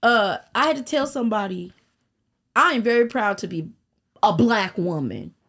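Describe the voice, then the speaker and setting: A woman from Arkansas telling crude, animated stories in a casual podcast chat. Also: medium pitch, moderate pace. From Arkansas, American South. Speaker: podcast guest.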